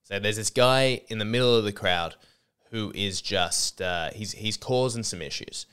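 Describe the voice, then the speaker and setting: A man's voice: lowish voice, normal speed, a bit bright, clear, resonant tone. A man, feeling a little sick, telling a rambling, sweary comedy story as a podcast host. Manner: rambling, self-interrupting, sweary.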